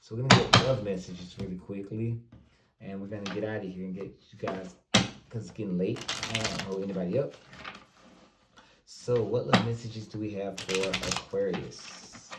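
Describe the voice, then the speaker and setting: Speaking at an ordinary speed with a fairly low pitch and mostly flat intonation, this tarot reader talks straight to his audience, casual and prone to repeating himself. The recording sounds roomy, the mic far off with a bit of noise.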